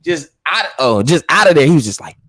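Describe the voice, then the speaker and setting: A man co-hosting a podcast, chatting casually in a lively, joking, rambling way. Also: a little high, fairly quick. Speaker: podcast co-host. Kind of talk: casual chat.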